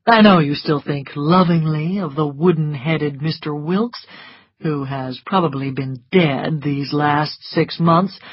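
A woman reading a hushed, mocking rogue. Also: deep voice, breathy edge, no room sound, heavily acted. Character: suave, teasing older man, a Southern rogue. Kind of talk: audiobook dialogue. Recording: dry, slightly muffled studio audio.

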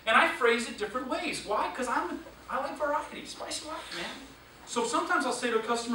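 A male sales trainer leading a classroom training session, energetic and quizzing the class with questions. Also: very high-pitched, a little fast. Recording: echoey room, distant mic, background noise.

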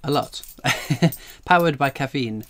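An English host of a casual coin-collecting livestream speaks slowly in a mid-range voice. He reads chat messages aloud and rambles with humor, jittery from strong coffee.

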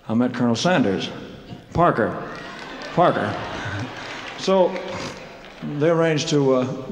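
A man telling rambling, self-mocking stories from a concert stage, laughing between phrases and clearing a frog from his throat. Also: mid-range voice, a little mellow. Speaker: singer performing live. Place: large showroom stage. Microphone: stage microphone. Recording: echoey hall live concert recording, faint noise.

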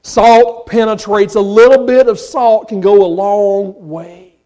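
A man with a Southern accent preaching a sermon as pastor, folksy and at times rising to impassioned shouts. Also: sits high, steady tone, slow pace. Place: church sanctuary.

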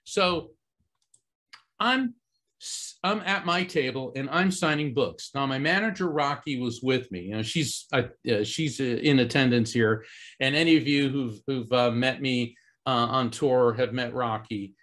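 A man's voice: medium pitch, unhurried, fairly bright tone. A middle-aged man from Central Florida telling a personal story to a live audience as a psychic medium, earnest and conversational, with many fillers and restarts. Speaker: psychic medium giving a talk.

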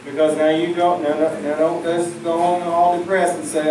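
A man's voice: fairly high pitch, level tone, normal speed, few pauses, noisy background. A man preaching with folksy fervor at a church service, leading his congregation in call-and-response prayer. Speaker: pastor. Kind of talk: fervent preaching. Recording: echoey church from a distant mic with music.

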